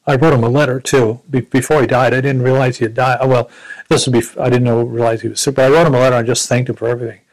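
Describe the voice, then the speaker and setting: A man in his seventies from the United States, a veteran recalling his service in a reflective, halting way. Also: mid-range voice, steady tone, rough recording. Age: 70s. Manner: reflective, halting storytelling with frequent restarts. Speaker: Vietnam War veteran interviewee. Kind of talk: recounting personal memories.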